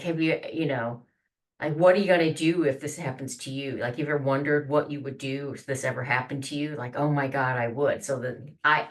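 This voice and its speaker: On a conversational podcast, a low-voiced woman recorded from a distance shares her branding and communications expertise. Her topic is how to introduce yourself, and she acts out sample lines, restarting many times.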